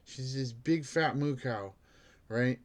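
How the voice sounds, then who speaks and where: A man's voice: medium pitch, slow. A man who works as a bank security guard, telling a rambling story in a casual monologue, filled with "like" and laughing at himself.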